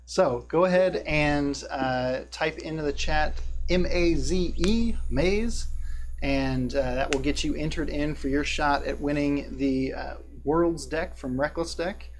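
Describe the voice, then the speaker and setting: A man narrating a tabletop game as game master and hosting a live stream, talking casually with many fillers and a hushed tone for eerie scenes. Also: fairly high pitch, slow, faint music behind. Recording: faint buzzing hum in the background.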